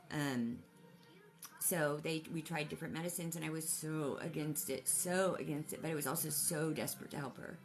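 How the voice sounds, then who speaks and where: Low gravelly woman telling a personal story. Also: moderate pace, faint music behind. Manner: rambling, emotional, with many restarts and fillers. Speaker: mother.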